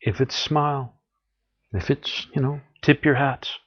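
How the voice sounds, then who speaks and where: A man's voice: medium pitch, fairly even intonation, a little slow, lo-fi sound. A man giving an earnest, encouraging spiritual talk, often acting out what people say. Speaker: spiritual teacher.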